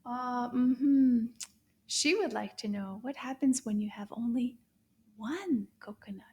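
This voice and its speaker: Woman, kids' language teacher, slow and deliberate, mellow tone, encouraging, repeats words carefully. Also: a little high. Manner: gentle, encouraging, exaggerated slow repetition of phrases. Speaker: French teacher for children. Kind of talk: slow, clear children's language lesson with puppet.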